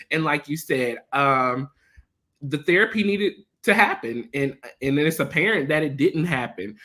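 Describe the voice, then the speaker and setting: A woman co-hosting a casual podcast, opinionated and quick to agree with her partner. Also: deep voice, a bit bright. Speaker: podcast co-host. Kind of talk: casual chat.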